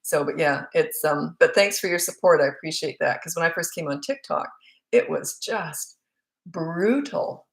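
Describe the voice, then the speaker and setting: A woman's voice: low-pitched, animated, moderate pace, creaky. A woman, a parenting coach, chatting bluntly as she reads out viewer comments and answers them. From Australia. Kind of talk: casual live Q&A chat. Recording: roomy echo.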